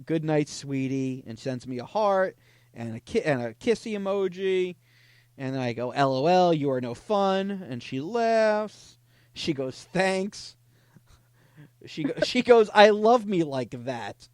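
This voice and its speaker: A man hosting a podcast, casually retelling chat conversations with a deadpan, joking manner. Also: a little high, a little slow, clean tone, dry recording, clean studio sound. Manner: deadpan retelling, frequent "I go, she goes". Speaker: podcast host reading scam chats.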